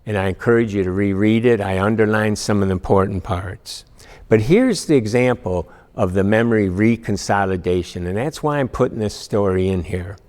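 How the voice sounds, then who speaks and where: A man's voice: on the low side, moderate pace, a little mellow, long reverb tail. A man teaching an emotional resilience class, talking earnestly and asking the class questions as he reads a story aloud. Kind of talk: classroom lecture reading aloud.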